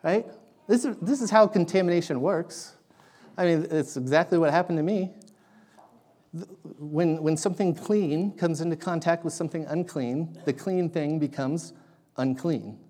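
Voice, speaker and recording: A man preaching a sermon, telling a personal story in an animated, self-deprecating way. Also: on the high side, moderate pace. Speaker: pastor.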